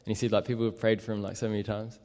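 A young street evangelist rambles through casual stories in an echoey hall, his lowish voice very fast, flat, and a little mellow, packed with fillers and "likes."

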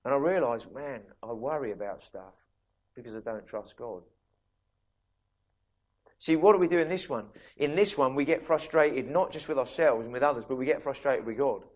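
A man preaching a sermon in a conversational way, restarting sentences and asking listeners questions. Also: mid-range voice. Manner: conversational, with many quick restarts and asides to listeners.

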